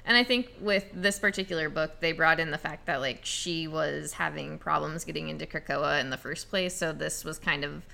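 A woman's voice: low-pitched, normal speed, gravelly, few pauses. A woman co-hosting a podcast, casually recapping comics and laughing easily. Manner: relaxed, laughs often, recaps plot. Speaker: podcast co-host. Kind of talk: casual chat about comics.

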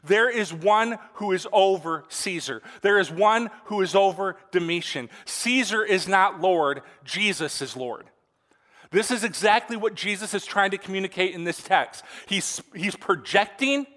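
A man's voice: high-pitched, unhurried, fairly bright tone. A young man preaching a sermon in an earnest, conversational way, checking in with the congregation with asides. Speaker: pastor. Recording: reverberant hall.

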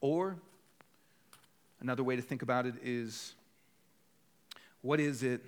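A man's voice: medium pitch, unhurried. A man preaching a conversational sermon as pastor, rising to emphatic bursts when voicing people's inner thoughts. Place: church.

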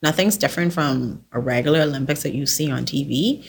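A woman with a notably low voice chats as a podcast guest. She talks through her stories casually and laughs often. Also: fairly quick, vocal fry, a little hiss or hum. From The Bahamas. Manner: chatty storyteller, laughs often. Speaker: podcast guest, sports volunteer. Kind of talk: casual chat.

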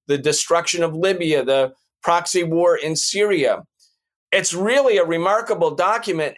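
A man hosting a political talk show, speaking in an emphatic, lecturing way and repeating points for stress. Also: on the high side. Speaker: podcast host. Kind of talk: political commentary.

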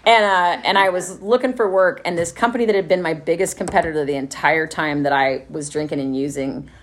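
A middle-aged woman from Texas, telling her own story at a recovery meeting in a profane, laughing, animated way. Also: sits low, fairly quick. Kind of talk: candid personal testimony.

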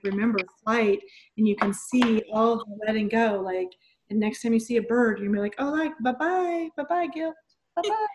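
A woman's voice: mid-range voice, darkish tone, a little hiss or hum. Gushing, upbeat woman podcast host. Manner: enthusiastic, gushing, affirming. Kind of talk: casual chat.

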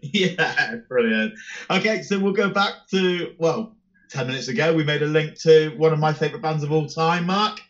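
A male host leading a casual chat, upbeat and quick to laugh. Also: fairly high pitch, a bit bright. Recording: dull lo-fi recording.

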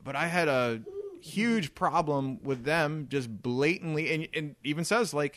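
A man's voice: fairly high pitch, a little slow, no room sound. A man co-hosting a casual podcast, ranting and laughing as he leads the topics. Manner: ranting, laughs often, animated. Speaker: podcast co-host leading topics.

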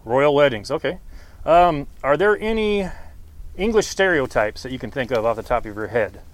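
A man's voice: mid-range voice, lively intonation, normal speed, no echo. A man interviewing passersby on the street in a casual, upbeat way, laughing often. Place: outdoors on a street.

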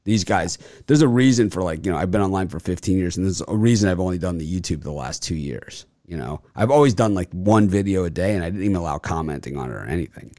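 A man's voice: low-pitched, lively intonation, fast, hardly any pauses, dark tone, no room sound, clean studio sound. A man hosting a sports betting show, chatting casually, rambling with many fillers and boasting. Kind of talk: casual chat.

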